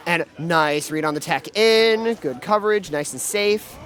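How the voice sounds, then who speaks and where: A man with a somewhat high voice calls a fighting game live from an event venue. His commentary is excitable and packed with fillers and quick restarts. Faint music plays in the background. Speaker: esports commentator.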